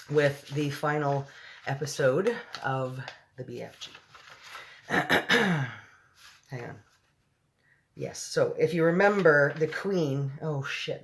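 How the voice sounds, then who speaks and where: A woman's voice: a bass voice, slight background noise. Chatty, swearing bedtime-story woman. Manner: chatty, profane, giggly asides. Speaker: storybook reader and livestream host. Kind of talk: casual late-night livestreamed read-aloud.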